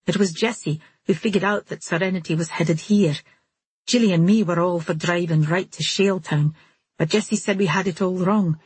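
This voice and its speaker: A woman voicing a calm, steady young man who speaks gently and earnestly in an audiobook. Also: fairly low pitch, moderate pace, husky, no echo.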